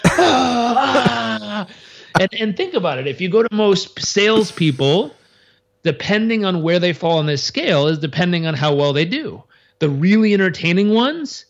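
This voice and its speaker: Lively man explaining, dull lo-fi sound. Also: high-pitched. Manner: animated, uses acted-out crowd reactions and frequent restarts. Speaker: interview guest. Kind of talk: casual interview talk.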